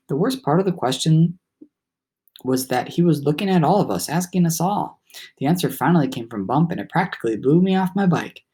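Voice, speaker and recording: A man narrating a children's novel aloud in the first person with a steady, reflective delivery. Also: fairly high pitch, brisk, slightly rough. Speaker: audiobook reader.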